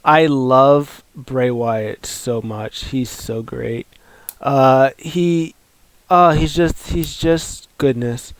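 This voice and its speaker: A man hosting a casual wrestling recap, excitable and rambling, with lots of fillers and restarts. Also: mid-range voice, drawn-out words, no room sound. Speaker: wrestling show recap host. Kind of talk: casual video commentary.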